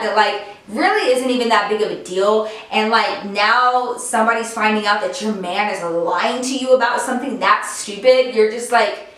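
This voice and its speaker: A woman's voice: on the high side, fairly bright tone. A young woman telling a story to her vlog viewers in a casual, chatty way, full of filler words and offhand swearing, in her home office. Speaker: vlogger. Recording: very echoey room, voice far from mic.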